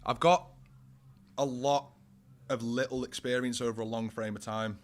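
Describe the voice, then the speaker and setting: A man's voice: medium pitch, fairly even intonation, moderate pace. A man in his twenties with a Northern English accent, a guest musician chatting casually, slangy and full of fillers, a little tipsy after a pint. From Warrington, England. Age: 20s. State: a bit tipsy. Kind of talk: casual chat.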